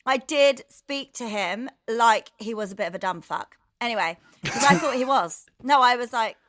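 A woman, a podcast co-host, telling a story in casual chat, animated and swearing freely. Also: on the high side, moderate pace, no room sound.

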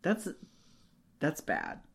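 A woman co-hosting a casual book discussion podcast, musing in a wry, unhurried way. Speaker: podcast co-host.

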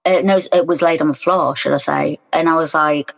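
A woman's voice: deep voice, fairly even intonation, moderate pace, creaky, hardly any pauses. A woman being interviewed, telling her own story frankly and acting out what was said in quoted speech. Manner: frank, plain-spoken, retells scenes in quoted speech. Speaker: interview guest. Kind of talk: personal account in conversation. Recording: dull sound with long room reverb.

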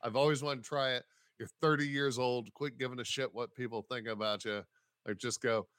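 A man's voice: mid-range voice, a little fast, clean tone, no room sound, studio quality. A man who is a stand-up comedian, telling stories casually in an interview and acting out the voices of people he quotes. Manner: animated, acts out quoted voices, swears casually.

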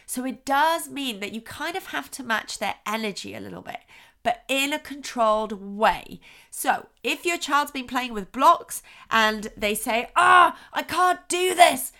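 A woman hosts a parenting podcast in an expressive, explanatory way. Her voice is bright and a touch high. She sometimes acts out little example phrases to make her point. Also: a little slow, gravelly. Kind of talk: podcast advice talk.

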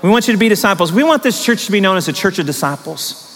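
Man, pastor, sermon, storytelling to exhortation, slightly high voice, long church reverb. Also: expressive, fast talker, a bit bright. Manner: storytelling, building to emphatic exhortation. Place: large church sanctuary.

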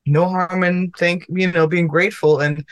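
A man who works as a stand-up comedian, a guest in a casual chat, animated and acting out the voices he imagines. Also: sits high, normal speed. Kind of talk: casual conversation.

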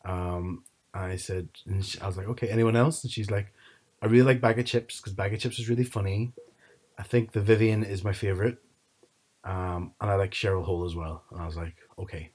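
A man's voice: low voice, fairly even intonation, brisk, a little mellow, husky. A man, telling rambling family anecdotes in casual chat and mimicking his relatives. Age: 30s.

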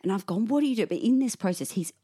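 Animated storytelling mum, lively pitch. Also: female voice, rapid-fire, breathy edge. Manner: animated storytelling with acted-out quotes and swearing. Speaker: podcast co-host. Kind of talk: casual chat.

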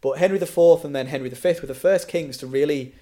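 A man's voice: a little high, fast talker, warm tone. A man co-hosting a casual film review chat, opinionated and keen on history, often repeating words as he restarts. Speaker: podcast co-host reviewing a film.

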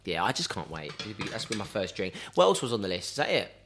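Chatty man with a low voice. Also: quick pace, slightly rough. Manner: chatty, animated storytelling with laughs. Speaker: guest. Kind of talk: casual chat.

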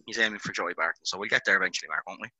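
An Irish man hosting a casual podcast, full of teasing banter. His low voice has a very sharp, bright edge. The recording is close and dry. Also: racing, no room sound, muffled recording. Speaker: podcast host. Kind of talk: casual chat.

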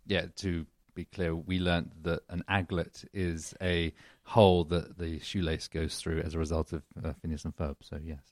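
A man's voice: deep voice, flat delivery, moderate pace, darkish tone, no echo, studio quality. A man with an English accent, a comedy duo member chatting in a podcast interview, rambling and self-deprecating with frequent laughs. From England.

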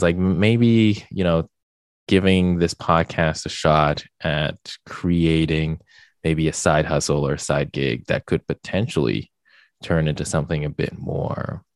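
Deep-voiced young man hosting a podcast. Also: no echo. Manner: rambling, filler-heavy, gets animated when joking. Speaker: podcast host. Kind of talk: casual podcast chat.

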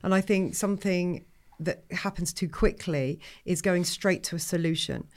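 A woman, a life coach, explaining things in a measured way during a podcast conversation. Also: on the low side.

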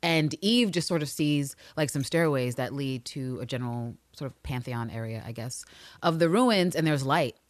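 A woman co-hosting a casual recap chat, talking in an animated, profane way. She acts out the characters' lines as she goes. The sound is dry and close, with little room behind her voice. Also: rumbling low, moderate pace, dry recording. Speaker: podcast co-host.

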